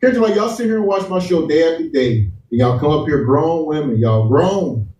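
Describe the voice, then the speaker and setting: A man's voice: fairly high pitch, lively intonation, brisk, mellow, distant mic, slight background noise. Slangy man in an echoey room. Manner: slangy, insistent. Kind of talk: casual podcast commentary.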